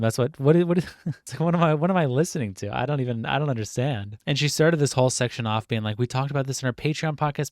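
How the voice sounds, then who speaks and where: A man's voice: mid-range voice, no room sound, studio quality. A man giving casual, mocking commentary, sarcastic and swearing freely. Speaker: commentary YouTuber.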